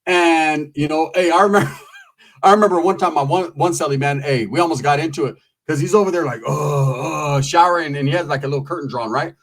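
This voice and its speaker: A man's voice: fairly high pitch, brisk. A man telling long, profane, rambling stories in a casual way, full of asides. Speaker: storyteller.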